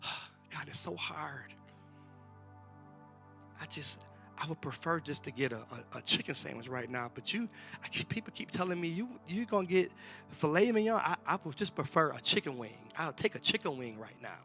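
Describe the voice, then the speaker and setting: A man preaching a sermon in a church, talking in a loose, colloquial way and swinging between shouts and whispers. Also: medium pitch, animated, moderate pace, vocal fry, faint music behind. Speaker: pastor. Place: church sanctuary.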